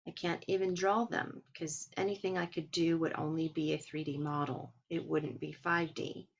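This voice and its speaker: A woman's voice: sits low, fairly even intonation, normal speed, creaky, dull audio, slight background noise. A woman casually retelling a recorded talk, quoting the speaker and adding her own asides. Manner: paraphrases and quotes another speaker, with asides. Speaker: transcriber retelling a webinar.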